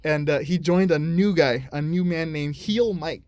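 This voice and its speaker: A podcast host telling a story in casual chat, animated and laughing often. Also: male voice, a little high, a little slow, no echo.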